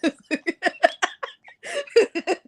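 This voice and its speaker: A woman's voice: very high-pitched, sing-song, extremely slow. A woman chatting casually on a livestream, playful and blunt, laughing often. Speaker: guest.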